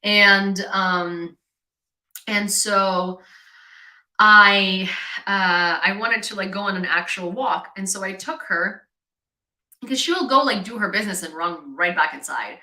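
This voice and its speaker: A woman from Ukraine hosts a casual livestream and tells an everyday story in a loose, chatty way. Her voice is bright and clear, and it sits at a middle pitch. The room around her sounds echoey. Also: slow pace. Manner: chatty storytelling, reads out chat comments. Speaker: livestream host.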